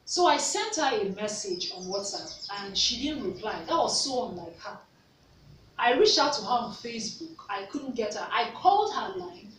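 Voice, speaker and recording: High-voiced Nigerian woman in an echoey room. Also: big pitch swings, moderate pace, a bit bright. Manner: earnest, repeats herself for emphasis. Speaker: vlogger. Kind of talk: personal storytelling vlog. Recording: echoey room, mic at a distance, faint noise.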